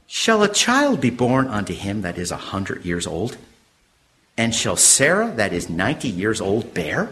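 A man preaching a Bible-teaching sermon, chuckling often and swinging from loud exclamations to quiet asides. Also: lowish voice, big pitch swings, moderate pace.

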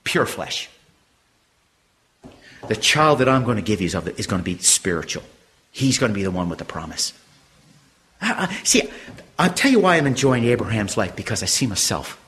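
Animated, bright-voiced man preaching a sermon. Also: fairly low pitch, moderate pace, pauses often. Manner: chuckling, swings from loud exclamations to quiet asides. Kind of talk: Bible-teaching sermon.

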